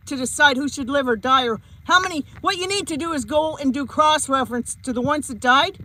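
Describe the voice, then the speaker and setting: Woman, high voice, sharp tone, heated repetitive rant, vlog. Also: fairly quick, few pauses, poor audio. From Canada. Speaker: psychic medium.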